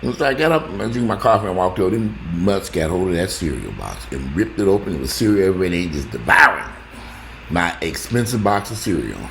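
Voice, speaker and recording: A man talking casually to his viewers, rambling and joking, swinging between loud exclamations and low asides. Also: very animated, fairly quick, creaky, slight background noise. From United States. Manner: rambling, joking, talks straight to the audience. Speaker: vlogger.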